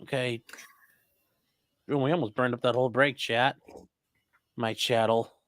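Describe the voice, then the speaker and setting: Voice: mid-range voice, steady tone, a little slow, no room sound, studio quality. A livestream host chatting casually and joking while reacting to a trial. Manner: joking, teasing.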